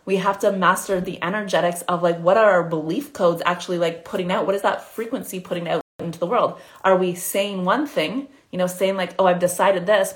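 Chatty woman giving a spiritual coaching talk. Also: medium pitch. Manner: fast, chatty, many "like" fillers, acts out inner voices. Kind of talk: live motivational talk.

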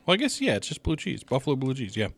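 A man's voice: mid-range voice, rapid-fire, creaky, a little hiss or hum. A man and father co-hosting a casual podcast, telling self-mocking stories while rating snacks. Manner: lively, self-mocking storyteller. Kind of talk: casual chat, snack review.

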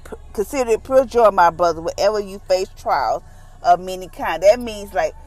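A woman hosting a devotional podcast, talking about faith in a relaxed, conversational, folksy way. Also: medium pitch, normal speed, poor audio. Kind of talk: casual devotional talk.

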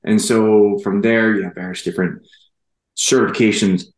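Male host, low voice, rambling questions, lots of fillers, echoey room. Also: fairly even intonation, normal speed. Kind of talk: conversational interview. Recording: roomy echo.

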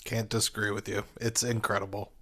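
A man's voice: fairly low pitch, little pitch movement, brisk, bright, forceful tone. A man chatting casually about a film as a co-host, agreeing easily with his partner. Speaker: podcast co-host.

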